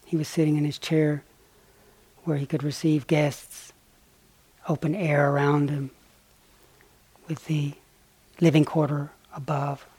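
A man giving a dharma talk, telling a story in a soft-spoken way that often drops quiet and breaks into chuckles. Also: fairly high pitch, little pitch movement, a little slow, pauses often, breathy edge, no echo. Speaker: meditation teacher.

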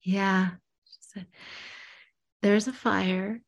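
Slow, soft-spoken woman with a gravelly, husky voice. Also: medium pitch, steady tone. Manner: halting, soft-spoken, often drops to a whisper. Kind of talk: reflective storytelling.

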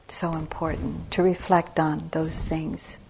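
Slow, gentle older woman teaching meditation. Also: sits low, level tone, vocal fry, slight background noise. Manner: gentle, unhurried, reflective. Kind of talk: dharma talk. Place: retreat center hall.

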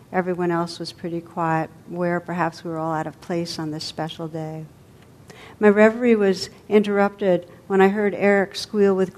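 Soft-spoken woman telling a story. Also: lowish voice. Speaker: meditation teacher. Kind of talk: storytelling in a dharma talk.

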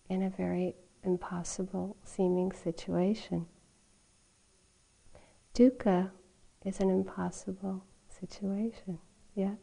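Middle-aged woman teaching meditation; warm, relaxed voice, chatty storytelling with soft laughs. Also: mid-range voice, slow, gravelly. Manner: conversational storytelling with frequent "you know" and soft laughs. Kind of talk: dharma talk. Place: meditation retreat hall.

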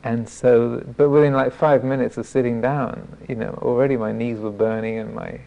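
A man, a Buddhist monk teacher, giving a dharma talk as self-deprecating storytelling, halting with many restarts. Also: mid-range voice, fairly even intonation, vocal fry, lo-fi sound.

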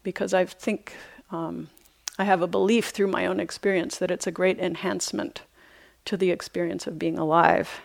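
A middle-aged woman, a meditation teacher, giving a reflective dharma talk on retreat with unhurried, soft hesitations. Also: on the low side, little pitch movement, vocal fry. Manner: light self-amused laughter. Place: retreat center meditation hall.

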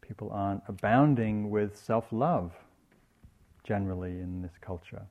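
A man giving a dharma talk as a meditation teacher, in a gentle and reflective teaching tone. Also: lowish voice, a little slow, phone-quality sound. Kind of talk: dharma talk on loving-kindness.

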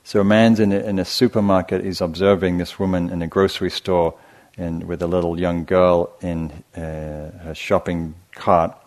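A man giving a dharma talk as a meditation teacher at a retreat, reflective and gentle, telling stories with hesitant restarts. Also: low voice, flat delivery, moderate pace.

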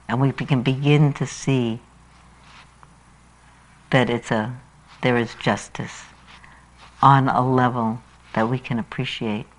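A woman meditation teacher giving a dharma talk, reading a children's story aloud in an unhurried, expressive way. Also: rumbling low, poor audio.

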